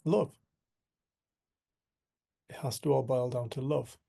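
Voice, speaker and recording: A gravelly, steady male voice of medium pitch shares a personal story in an earnest spiritual talk to a community group. The storytelling is reflective and sometimes turns soft and slow.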